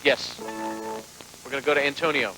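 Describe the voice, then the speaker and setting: A man's voice: medium pitch, fairly even intonation, fairly quick, sharp tone, faint music behind, poor audio. A man hosting a TV game show, joking and teasing the contestants. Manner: jokey, teasing banter with contestants. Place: TV studio.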